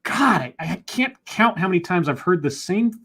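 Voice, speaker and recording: A man hosts a casual talk and rants with open exasperation. His voice sits noticeably high for a man. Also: sing-song, moderate pace, fairly bright tone. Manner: exasperated, ranting. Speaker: podcast host. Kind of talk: casual discussion.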